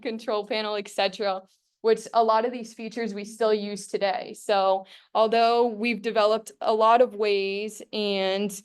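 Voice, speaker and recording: Young woman, student presenter, slightly high voice, casual classroom talk, chatty with fillers. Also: smooth. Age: young adult.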